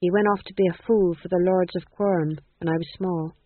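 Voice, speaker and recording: A reader plays a gloomy male jester who sounds bitter about everything. He speaks low and husky, and the audio is thin and phone-like. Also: fairly even intonation, a little fast, no echo, lightly acted.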